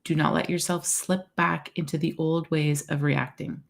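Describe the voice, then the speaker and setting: A woman co-hosting a podcast, reading a morning meditation in a calm, measured way. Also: deep voice, vocal fry.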